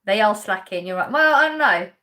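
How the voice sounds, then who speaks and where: A woman's voice: mid-range voice, lively intonation, brisk, sharp tone. An English woman hosting a casual live stream, chatting and laughing as she reads viewer comments aloud. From England. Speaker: livestream host.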